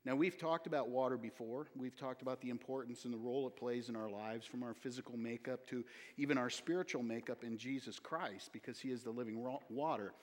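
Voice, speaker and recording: A man's voice: medium pitch, fairly quick. Male pastor, mid voice, casual storyteller; long hall reverb. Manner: folksy, chatty storyteller with many fillers. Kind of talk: sermon with church announcements. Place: church sanctuary.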